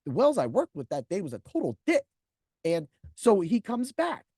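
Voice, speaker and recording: A man's voice: sits high, huge pitch swings, normal speed, mellow, husky, no room sound, clean studio sound. A man in his forties hosting a podcast, telling a personal story in a blunt, profane way and acting out other people's lines. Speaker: podcast host.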